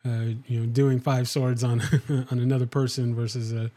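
A man with a dark, mellow voice who speaks in a flat, even tone. He halts often and fills his pauses with "uh" as he chats with a guest. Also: medium pitch. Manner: hesitant, many fillers. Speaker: interviewer. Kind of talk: casual chat.

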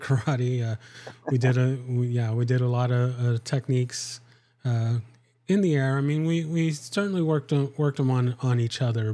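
A man interviewing a guest in casual chat, talking hesitantly with many pauses and fillers. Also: medium pitch, dark tone.

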